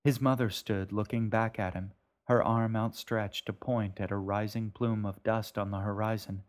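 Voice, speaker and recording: A man reading his own novel aloud as narrator, in a calm, measured way. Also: fairly low pitch. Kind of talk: audiobook narration.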